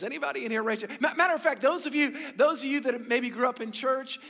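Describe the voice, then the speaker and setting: In a church sanctuary, a man with a very high-pitched, sharp voice preaches at a quick pace, the sound big and roomy. He addresses the congregation emphatically and repetitively, with stumbles and restarts.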